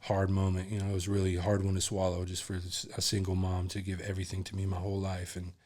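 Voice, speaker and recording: Low-voiced man telling a candid story. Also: completely flat delivery, fast talker, darkish tone. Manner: candid, rambling, heavy on fillers. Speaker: podcast guest.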